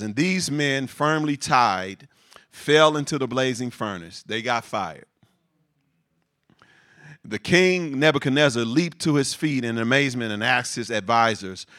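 In this sermon, a man with a medium-pitched voice reads passages of scripture and interrupts himself with energetic, laughing remarks, repeating words for emphasis.

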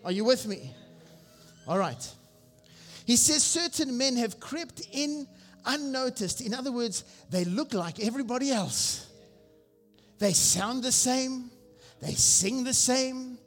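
High-voiced preaching man in a reverberant church. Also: expressive, takes it slowly. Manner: exhorting, asks the congregation questions. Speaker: senior pastor. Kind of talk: sermon. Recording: long reverb with faint music.

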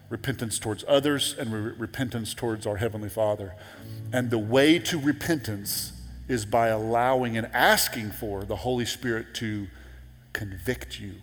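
Pastor preaching in a reverberant church hall. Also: male voice, on the low side, moderate pace, soft background music. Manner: conversational, repeats words and restarts, rises to emphatic peaks. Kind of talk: sermon. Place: church sanctuary.

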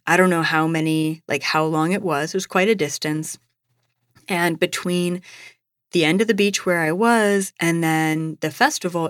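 A woman's voice: low voice, fairly bright tone, dry recording, clean studio sound. A young adult woman hosting a podcast, telling a personal story in a chatty way, full of "like" and "you know". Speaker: podcast host.

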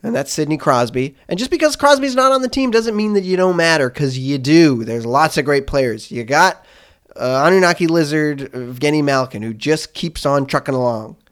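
A man's voice: fairly high pitch, lively intonation, normal speed. A man co-hosting a comedy sports podcast, joking in casual, mock-aggressive banter. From Canada. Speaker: podcast co-host.

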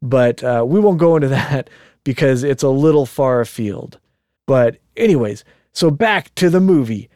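A man co-hosting a casual podcast chat, telling a story in an animated way, swearing freely and acting out quotes. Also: medium pitch, moderate pace, dry recording, studio quality. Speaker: podcast co-host.

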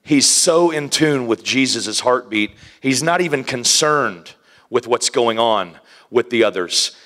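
A man preaching a sermon, animated, acting out scenes with hushed whispers and playful voices. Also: mid-range voice, measured pace.

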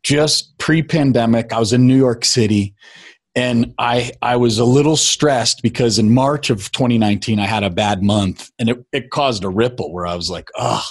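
A middle-aged man recounting a turning point in a relaxed interview. His voice is husky and a little breathy, and he slips into animated impressions of the people he quotes. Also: medium pitch, moderate pace. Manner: animated storyteller, acts out quotes. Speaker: guest. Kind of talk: casual storytelling chat.

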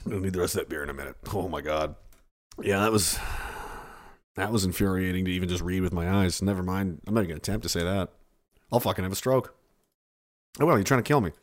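A man's voice: low voice, fast, pauses often. A young man, from Canada, chatting casually to his chat with profane jokes and rambling stories. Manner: profane, joking, animated storytelling with shouted bits. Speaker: streamer reading chat.

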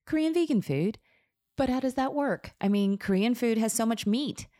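A woman's voice: low voice, animated, a little fast, darkish tone, dry recording, clean studio sound. A woman voicing an eager, chatty male hairstylist with a British accent, asking effusive questions. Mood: eager, curious.

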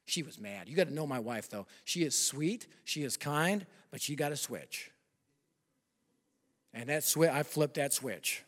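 Animated male preacher in reverberant hall. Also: on the high side, moderate pace. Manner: animated, swings from loud bursts to hushed confession. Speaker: pastor. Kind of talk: sermon with storytelling. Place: large church hall.

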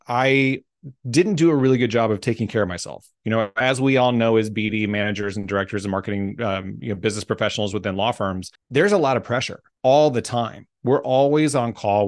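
A man's voice: fairly low pitch, no room sound, studio quality. A man with a Southern US accent, a podcast guest who tells stories and jokes in a friendly, casual way. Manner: joking, storytelling, friendly. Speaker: podcast guest, motivational speaker. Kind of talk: casual interview conversation.

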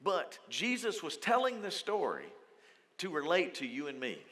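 A male pastor giving a lively, conversational sermon in a church auditorium, acting out quotes as he goes. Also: on the high side, moderate pace. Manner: lively, conversational preaching with frequent acted quotes. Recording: long hall reverb.

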